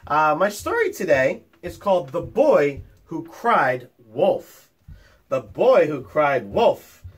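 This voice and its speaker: A teacher reading a picture book aloud to young children, with chatty asides to them. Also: male voice, fairly high pitch, sing-song, slow, slightly rough. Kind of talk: storytime read-aloud.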